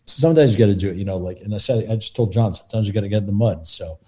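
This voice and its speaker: A middle-aged man rattles through behind-the-scenes stories at a quick clip, his voice dark and mellow. He slips into the voices of the people he quotes as he tells each story. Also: lowish voice. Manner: animated, acts out quotes of others. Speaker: film assistant director, guest. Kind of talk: anecdotal interview storytelling.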